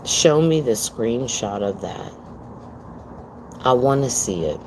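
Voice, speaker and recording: A woman's voice: rumbling low, lively intonation, slow, a little mellow, slight background noise, poor audio. A woman livestreaming from home on her phone, telling a story to her viewers in a blunt, profane, emphatic way and calling them "girl". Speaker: livestream host.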